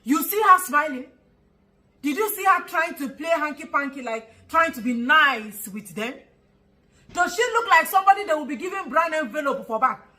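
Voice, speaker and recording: A woman with a Nigerian accent in an angry vlog commentary, scolding with rhetorical questions, mocking laughs and bursts of shouting. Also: sits high, expressive, moderate pace, low-quality recording.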